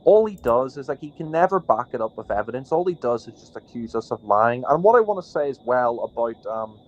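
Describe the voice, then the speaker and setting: A man's voice: mid-range voice, animated, fairly quick, a little mellow. Indignant man, lo-fi. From Northern Ireland. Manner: indignant, rambling with many fillers. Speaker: podcast co-host. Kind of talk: casual podcast rant.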